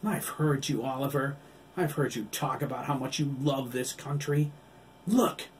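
A man's voice: mid-range voice, unhurried, a little hiss or hum, pitched above the performer's own voice, close to an everyday voice. A man doing a furious, despairing cyborg. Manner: shouting in rage and despair. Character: anguished cyborg young man, bitter, self-loathing.

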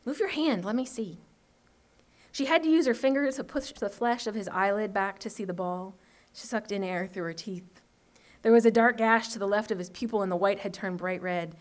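A woman author reading her short story aloud at an open mic, in a steady, measured way. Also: medium pitch.

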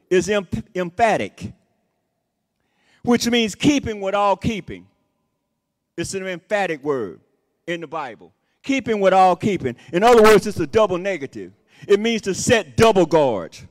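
A man preaching a sermon as associate pastor, repeating his points with emphasis and breaking in with "Amen" and "Praise the Lord.". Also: sits high. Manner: repetitive emphatic phrasing. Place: church sanctuary. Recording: long reverb of a church hall.

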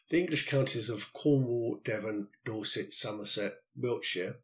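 An older man hosts his own podcast, musing through a loosely scripted monologue with the occasional filler. His voice sits a little low, yet it comes across as strikingly bright and forceful. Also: low-quality recording. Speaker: podcast host.

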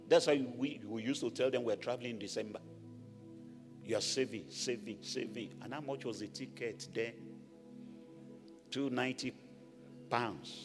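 A man from Nigeria preaching a sermon as pastor, animated, rising to shouted blessings over the congregation. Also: mid-range voice. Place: large church hall. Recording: echoey church hall with music.

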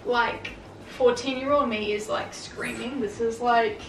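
A young woman, a fashion vlogger, chatting excitedly in her bedroom with lots of fillers. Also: on the high side, unhurried, a little hiss or hum. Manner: gushing, filler-heavy, excitable. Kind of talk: casual vlog chat. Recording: echoey room, far from mic, music behind.

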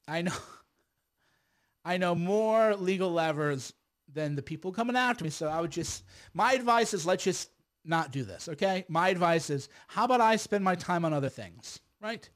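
Middle-aged guy ranting casually at the camera, fairly high voice, stumbles and repeats himself, keeps saying right?. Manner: combative, repeats words and restarts, asks "right?". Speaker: lawyer and filmmaker. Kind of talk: casual monologue to viewers.

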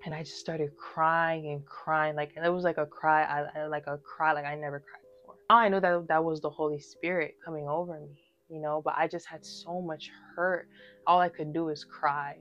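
A woman's voice: deep voice, little pitch movement, normal speed, fairly bright tone, highs cut off, soft background music. A woman in her early twenties sharing a personal faith testimony in casual, emphatic talk straight to her viewers, full of fillers. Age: early 20s.

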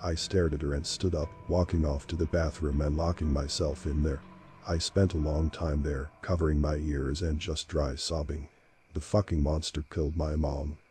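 A man reading a first-person horror story aloud in a steady, unhurried narration. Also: very deep voice. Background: faint background music.

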